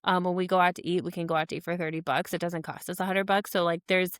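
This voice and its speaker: A woman's voice: lowish voice, little pitch movement, fast talker, smooth, no room sound, clean studio sound. A woman co-hosting a podcast in casual chat, rambling with lots of "like"s and restarts and laughing between thoughts. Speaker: podcast co-host.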